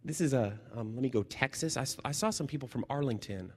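A man preaching a sermon as a chaplain, lively and jokey, moving between loud bursts and hushed near-whispers. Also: mid-range voice, fast talker, slightly rough. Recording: long hall reverb.

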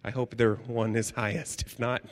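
A man preaching a sermon as a chaplain, lively and jokey, moving between loud bursts and hushed near-whispers. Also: medium pitch, moderate pace. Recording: long hall reverb.

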